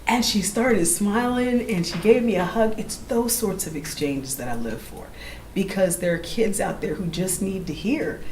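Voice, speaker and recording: A middle-aged woman from Oakland, California, a jazz singer and teacher, telling lively stories between songs and acting out the voices of the people in them. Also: mid-range voice, normal speed. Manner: animated, acts out quoted voices, laughs easily. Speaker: jazz vocalist and educator. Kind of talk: storytelling between songs at a live gallery show. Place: gallery event space. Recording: roomy live room with ambient noise.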